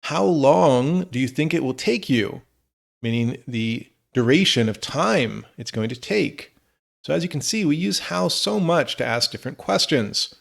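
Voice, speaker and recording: Gravelly-voiced man teaching English phrases. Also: mid-range voice, expressive. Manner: slow, clear model phrases for learners. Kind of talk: scripted lesson narration.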